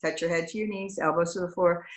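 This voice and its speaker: A woman yoga instructor teaching a live class over a video call, calling out poses in brisk, clipped commands and greeting students warmly by name. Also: lowish voice, fairly even intonation, roomy sound, low-quality recording. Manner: brisk rapid-fire commands in short clipped phrases. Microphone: video call microphone.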